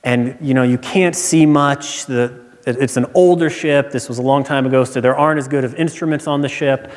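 A man's voice: medium pitch, fairly even intonation, normal speed. Pastor guy preaching, chatty storyteller that builds up to punchy repeats, echoey church hall. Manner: conversational storytelling preacher, building to emphatic repetition. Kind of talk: sermon.

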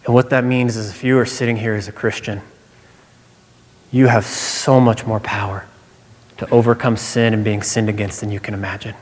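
A man's voice: fairly low pitch, level tone, normal speed, long pauses, husky. A man preaching a sermon as pastor, earnest and emphatic, repeating his key points, recorded in a church sanctuary with long reverb.

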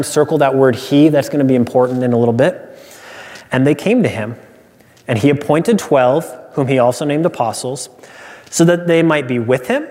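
A man's voice: a little high, darkish tone. Earnest preaching man in a reverberant hall. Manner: earnest, emphatic preaching with repeated refrains. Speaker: pastor. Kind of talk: sermon.

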